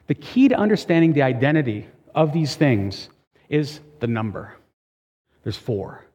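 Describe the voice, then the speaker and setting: A man preaching a sermon as pastor, talking to the congregation in a conversational, emphatic way with quick asides. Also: fairly high pitch, dark tone, big-room sound.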